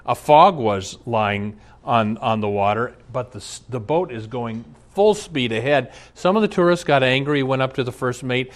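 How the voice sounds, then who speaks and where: A man's voice: mid-range voice, lively intonation, normal speed, few pauses. A man preaching a sermon, telling stories with emphasis and occasional laughs. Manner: storytelling, emphatic, frequent laughs. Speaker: pastor.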